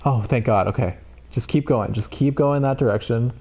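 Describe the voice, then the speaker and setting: Excitable streamer guy commentating his game live, swears a lot, pleads at the screen. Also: mid-range voice, moderate pace.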